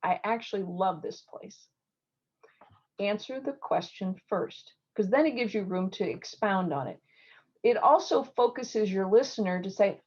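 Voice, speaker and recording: A middle-aged woman surgeon giving interview advice in an online talk, telling stories lively and acting out the people she quotes. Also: mid-range voice, unhurried, breathy edge. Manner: lively storytelling with acted quotes. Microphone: video call. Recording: dull lo-fi video call audio.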